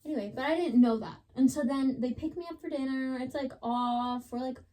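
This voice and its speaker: A young woman co-hosting a casual podcast, telling a personal story with lots of "like" and plenty of drama. Her voice sits somewhat high, with a dark, mellow tone. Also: fairly quick, a little hiss or hum. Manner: chatty, dramatic retelling, lots of "like". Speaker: podcast co-host.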